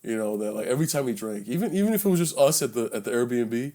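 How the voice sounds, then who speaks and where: A young man hosting a podcast, telling a story casually, acting out quotes loudly and swearing freely, recorded in a bedroom. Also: medium pitch, lively intonation, fast. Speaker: podcast host.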